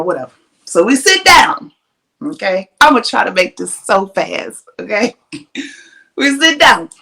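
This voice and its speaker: Animated, profane woman podcast host. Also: a little high. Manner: animated, profane, laughs often. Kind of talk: casual storytelling.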